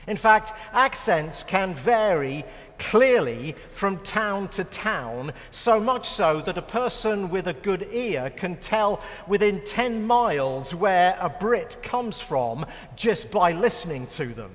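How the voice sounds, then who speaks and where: A man's voice: high voice, sing-song, slow, a bit bright, big-room sound. A middle-aged British man preaching a sermon with wry, self-mocking humor. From United Kingdom.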